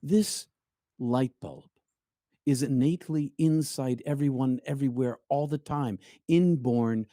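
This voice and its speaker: A middle-aged man hosts a meditative spiritual talk in a slow, mellow, relaxed voice. He lingers on words and lets many phrases fall quiet. The sound is close and dry. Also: mid-range voice, dry recording. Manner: slow, reflective, drops to near-hushed phrases. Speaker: spiritual speaker and show host.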